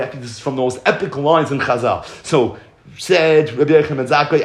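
A man teaching a Torah story as a lively storyteller who acts out the quotes. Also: on the high side, a little fast. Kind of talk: storytelling lesson. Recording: echoey room.

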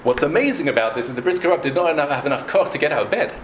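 Man teaching in a lively, singsong voice. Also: a little high, slight background noise. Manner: halting restarts, lively singsong stress on Hebrew words. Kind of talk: Torah lesson on Hebrew pronunciation. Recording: echoey room with faint ambience.

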